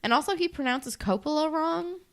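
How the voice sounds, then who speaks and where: A woman's voice: sits high, expressive, fairly quick. A young woman co-hosting a podcast, giving a blunt, wry recap of a TV episode. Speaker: podcast co-host. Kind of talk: casual recap chat.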